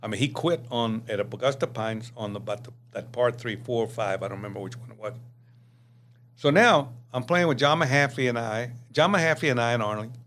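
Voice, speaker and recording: A man in his eighties, a podcast guest telling stories in a lively way, laughing often and acting out the dialogue. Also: mid-range voice, a little fast, slight background noise. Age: 80s. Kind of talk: anecdotal storytelling.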